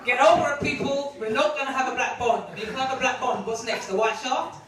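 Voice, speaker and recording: A woman delivers a stand-up set with a brash, mocking, punchy edge, her voice sitting high. The sound is echoey, caught from well back in a comedy club, with the room ringing around her. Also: fairly even intonation, a little fast, very noisy. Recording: echoey club recorded from far off. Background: audience laughter.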